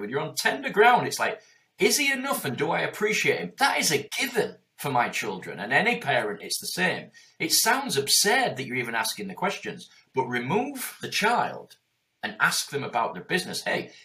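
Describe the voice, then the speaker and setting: A man's voice: on the high side, bright, forceful tone. A man in his forties speaking in a passionate, emphatic and heavily profane conversational way as a guest. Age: 40s.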